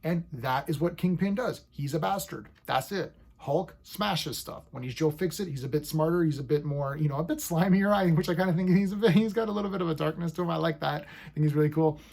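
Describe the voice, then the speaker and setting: Excitable male reviewer, husky and slightly high, chatty and animated. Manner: excitable, animated, acts out characters' lines in quick paraphrase. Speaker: comic book reviewer. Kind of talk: casual video review.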